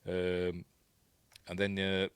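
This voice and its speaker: Low-voiced Yorkshire man recapping a film. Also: monotone, extremely slow, smooth, no room sound. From Yorkshire, England. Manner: rambling, chatty, full of ums and asides. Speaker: film reviewer.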